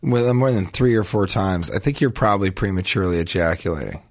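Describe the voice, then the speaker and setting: Deadpan man telling absurd crude stories. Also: low-pitched, brisk, dry recording. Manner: deadpan absurd storyteller, bursts into shrieking acted voices. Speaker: podcast co-host. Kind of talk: comedic podcast storytelling.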